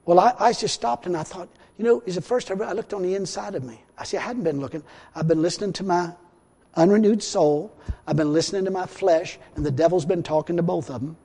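High-voiced preacher in a reverberant hall. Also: male voice, a little fast, breathy edge. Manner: folksy, repeats himself, swings from loud to hushed. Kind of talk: sermon.

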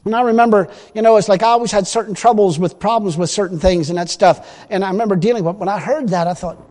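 High-voiced preacher in a hall. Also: male voice, fast. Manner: folksy, emphatic, rising to loud declarations. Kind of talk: sermon. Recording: long hall reverb.

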